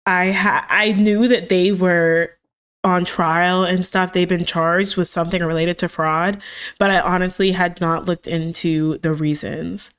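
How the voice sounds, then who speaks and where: Slow-talking, low-voiced Southern woman. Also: fairly even intonation, fairly bright tone, clean tone. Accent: Southern American. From American South. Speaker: podcast co-host. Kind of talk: casual chat.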